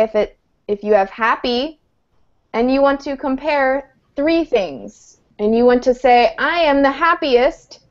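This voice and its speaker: A woman gives an online English lesson at an unhurried pace, her voice a touch high. She explains each rule patiently and keeps asking her students if they follow. The sound is muffled, like audio from a video call. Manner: patient explaining, checks understanding with "okay?". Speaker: English teacher.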